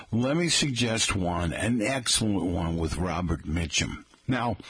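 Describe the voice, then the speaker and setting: A man's voice: on the low side, fairly bright tone, slightly rough, no echo. A middle-aged man from the Boston area hosting a rambling, chatty talk monologue and calling his listeners folks.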